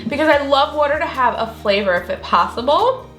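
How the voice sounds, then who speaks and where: A woman's voice: high-pitched, lively intonation, a little fast, fairly bright tone, roomy sound, soft background music. Chatty woman with a slight Southern accent. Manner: chatty, filler-heavy, giggly. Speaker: recipe vlogger. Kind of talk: casual recipe demo.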